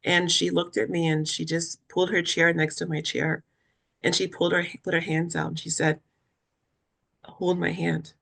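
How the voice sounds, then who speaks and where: A woman's voice: fairly low pitch, little pitch movement, moderate pace, vocal fry, fairly bright tone. A young woman from West Africa, a cancer survivor and patient advocate, telling her story earnestly and with emotion in an interview, acting out what others said to her. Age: young adult. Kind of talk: personal story in a webinar interview.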